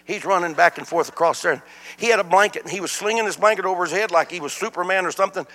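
With a high voice and rapid-fire delivery, an older male guest speaker preaches in a church sanctuary. His sermon is animated and full of folksy tales, and the sound echoes with church hall reverb.

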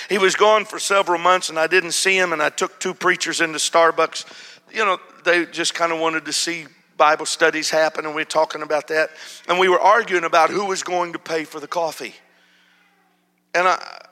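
A man preaching a storytelling sermon, dropping to a hush and then rising loud and animated. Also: a little high. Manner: animated, swings from hushed to loud. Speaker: pastor. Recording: long hall reverb.

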